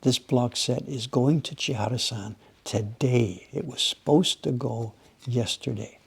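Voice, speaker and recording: A man hosting a livestream from his workshop, chatting with viewers in a rambling, animated way while he works on a carving. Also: medium pitch, a little slow, creaky, husky. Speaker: livestream host, woodblock carver. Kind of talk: casual chat while working.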